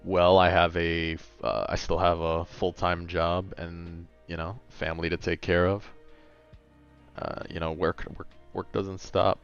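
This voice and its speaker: A man's voice: deep voice, flat delivery, measured pace, creaky, clean tone, lo-fi sound, soft background music. A man in his late twenties chatting casually and a little tiredly on a gaming livestream, reading and answering chat. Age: late 20s. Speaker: gaming streamer.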